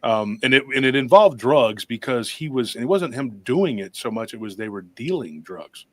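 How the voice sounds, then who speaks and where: Hosting a paranormal talk show, a man tells a long story in a rambling, casual way, restarting often and acting out quoted voices. His medium-pitched voice has lively intonation and a moderate pace, with no echo.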